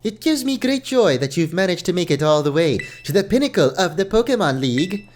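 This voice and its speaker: A man voicing a formidable female league champion from a game, reading her lines in a measured, formal way with a lowered voice. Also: very animated, darkish tone, a little hiss or hum.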